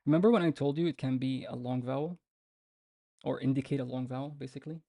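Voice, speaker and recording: A man teaching a live online beginner lesson, patient and informal, repeating example words slowly many times. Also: medium pitch, creaky, dry recording, clean studio sound. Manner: relaxed and informal, with fillers and restarts. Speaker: Arabic teacher.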